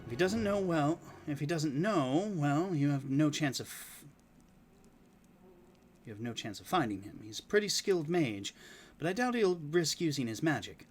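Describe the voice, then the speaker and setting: A man's voice: a little high, big pitch swings, moderate pace, breathy edge. A man voicing a young, earnest female traveling bard in a game playthrough, reading her lines in his own voice.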